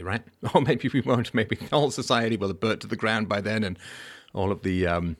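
A man with a somewhat low voice delivers news commentary, reading reports aloud and then cutting in with mocking asides. His sarcasm jumps up in pitch and volume before falling back to a dry mutter. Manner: mocking, wry asides, swings from loud sarcasm to mumbled remarks. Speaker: podcast host.

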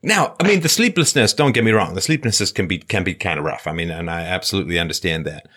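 A male host on a call-in show, talking sarcastically and acting out mock shouted scenes. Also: sits low, lively intonation, quick pace, husky. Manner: sarcastic, acts out mock war-movie shouting.

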